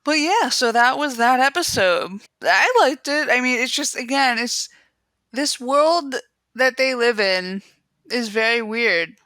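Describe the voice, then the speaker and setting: A young woman co-hosting a podcast, casually recapping a TV episode with giggles and quick quoted voices. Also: a little high, lively intonation, pushed and bright, dry recording. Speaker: podcast co-host. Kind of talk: casual chat about a TV show.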